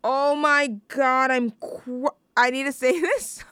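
A young woman hosts a radio show, rambling and joking at her own expense between songs. Her voice sits a little high, smooth and resonant. The mic is close and dry, with no room sound. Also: fairly even intonation, a little slow, a bit bright, dry recording. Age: young adult. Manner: rambling, self-deprecating and jokey. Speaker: student radio host.

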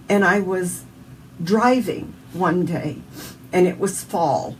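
Heartfelt and earnest, this Southern US interview guest shares an emotional personal story. Her voice is fairly low in pitch, she takes her time, and the distant mic picks up faint background noise.

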